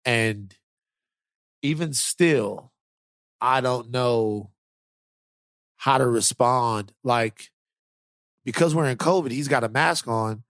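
A male podcast host telling stories in a relaxed, animated way, repeating himself as he goes. His voice sits in an ordinary middle register. The recording is close and dry, with no room sound. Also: medium pitch, slow, pauses often, dry recording. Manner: animated, repeats words, voice drops for a serious story. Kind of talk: casual chat and storytelling.

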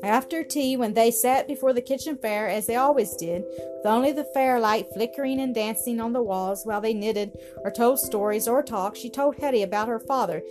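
A woman's voice: fairly high pitch, moderate pace. Woman reading a storybook aloud. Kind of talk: scripted narration of a classic story. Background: music.

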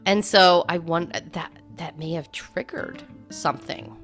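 Female podcast co-host, deep voice, chatty storyteller, faint music underneath. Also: fairly even intonation, measured pace, a bit bright. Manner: conversational storytelling, many "like" fillers. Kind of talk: casual chat about hauntings.

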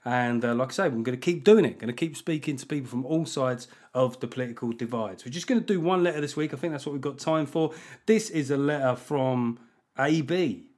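A man's voice: fairly high pitch, brisk. A man hosting a podcast, rambling in a profane, self-mocking way. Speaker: podcast host. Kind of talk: casual chat.

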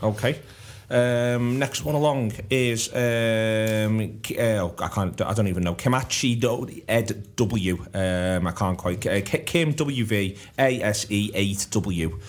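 A man hosting a casual group podcast, reading out listener questions and stumbling over names. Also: lowish voice. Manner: brisk, reads out questions, hesitant over names.

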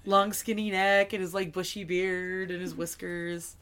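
A woman's voice: on the low side, little pitch movement, unhurried, fairly bright tone, clean tone. A woman co-hosting a podcast, chatting casually and enthusiastically through a movie recap, with lots of fillers. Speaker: podcast co-host.

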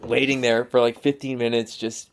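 A man's voice: medium pitch, moderate pace, slight background noise. A young man in casual chat, telling a story with energy and acting out the voices of the people in it. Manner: animated storytelling, acts out quoted voices.

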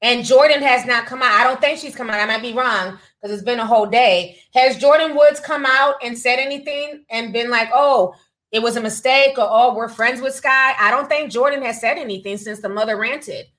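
A woman's voice: fairly high pitch, fairly quick, few pauses, a bit bright, low-quality recording. A woman hosting a casual gossip livestream, reading viewer comments aloud with sassy asides and frequent laughs. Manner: chatty, sassy, laughs often, says honey and child. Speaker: livestream host reading super chats.

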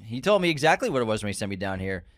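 A man co-hosting a casual podcast, recapping a movie scene by scene, joking and swearing in relaxed bro talk. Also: lowish voice, racing. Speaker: podcast co-host.

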